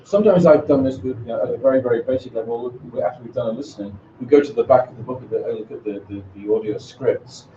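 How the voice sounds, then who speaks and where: A man leads a seminar, chatty and full of restarts as he tells classroom stories. His voice is mellow and dark. He sounds distant in a roomy space, dull and lo-fi with a faint hiss. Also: mid-range voice, quick pace, hardly any pauses. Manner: chatty storytelling, many restarts. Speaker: English teacher presenting a seminar. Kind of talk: conference seminar talk.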